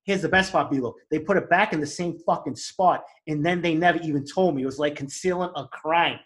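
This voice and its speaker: A man with a Boston accent telling an angry story in casual chat, fast and profane. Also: fairly high pitch, fairly bright tone.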